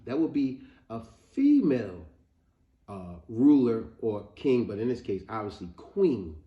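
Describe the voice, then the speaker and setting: A man hosting an educational video, telling history in a casual, animated way and calling his viewers family. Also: medium pitch, a little slow. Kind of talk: casual spoken history lesson. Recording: roomy, slightly muffled home recording.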